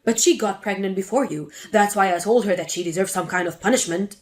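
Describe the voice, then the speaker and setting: Woman doing a nasty old mother-in-law, sneery and scornful, deeper than her usual voice. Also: a little fast, faint music behind, close to an everyday voice. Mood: defensive. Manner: sneering, contemptuous. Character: spiteful older mother-in-law, cold and scornful. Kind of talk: dramatic story reading.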